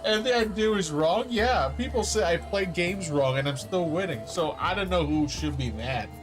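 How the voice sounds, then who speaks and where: A man with a high, animated voice streams a game at a moderate pace, music running in the background. His casual commentary wanders, turns self-deprecating, and is full of laughter.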